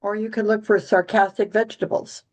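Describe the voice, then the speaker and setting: A woman's voice: mid-range voice, little pitch movement, fairly quick. A woman hosting a casual astrology chat, rambling with many restarts and dry, giggly humor. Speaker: astrology podcast host.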